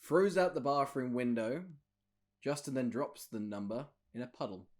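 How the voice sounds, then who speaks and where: A man's voice: medium pitch, normal speed. A man co-hosting a comedy podcast, giggling often while recapping a film's plot. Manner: giggly, recaps the plot with lively bursts of laughter. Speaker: podcast co-host. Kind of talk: casual comedic chat.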